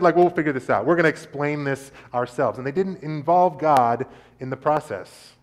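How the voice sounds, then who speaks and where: A man preaching a sermon in an earnest way, reading scripture aloud with rising intensity and letting phrases trail off softly. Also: fairly high pitch. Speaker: pastor.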